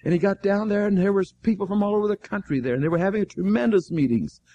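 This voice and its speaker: A man preaching a sermon as an animated storyteller, acting out the dialogue with fervent exclamations. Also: sits high, fast talker, dull audio.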